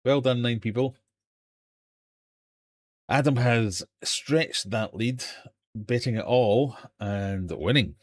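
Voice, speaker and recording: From the fish room in his home, a man hosts a live online quiz, reading out questions and poking fun at himself like a jokey, self-mocking quizmaster. His voice is medium-pitched and slow, with frequent pauses.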